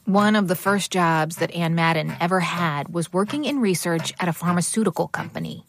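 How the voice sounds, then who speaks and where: A woman's voice: fairly low pitch, moderate pace. A woman hosting a radio show, reading scripted narration. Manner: lively, scripted delivery.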